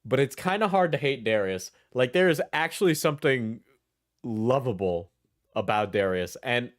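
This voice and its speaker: A man's voice: mid-range voice, expressive, moderate pace, no echo, studio quality. A young man streaming clip reactions in casual chat, rambling and laughing often as he trails off mid-sentence.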